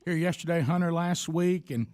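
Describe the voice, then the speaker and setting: A man's voice: a little high, normal speed. A middle-aged man with a Southern American accent, hosting a radio show and chatting with family, teasing and laughing as he tells stories. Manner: animated, laughing, teasing storyteller. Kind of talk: casual chat with family.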